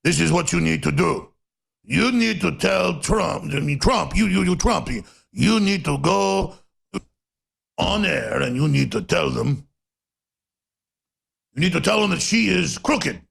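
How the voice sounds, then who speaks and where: Man doing a Russian leader, deep growly voice, commanding, gravelly. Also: animated, unhurried, pauses often, a bit bright, exaggerated voice. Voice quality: deep growly, like a puppet monster.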